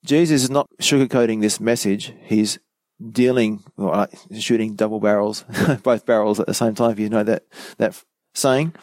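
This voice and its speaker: A man's voice: on the low side, fairly even intonation, moderate pace, few pauses, a little mellow, no echo. A man teaching verse by verse through a Bible passage, reading each verse aloud and then explaining it in conversational asides and questions to the listener. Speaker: pastor teaching a Bible study.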